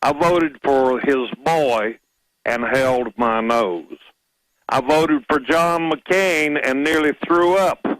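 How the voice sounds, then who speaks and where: A man calls in to a radio talk show and speaks slowly and carefully. His voice sits at an ordinary pitch. The sound is close and dry. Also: a bit bright, no echo, poor audio. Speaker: caller. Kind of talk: phone-in radio call.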